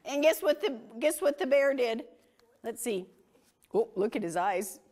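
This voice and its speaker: A woman reading a picture book aloud to children, animated and full of questions for them. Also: fairly high pitch, unhurried. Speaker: children's storytime reader.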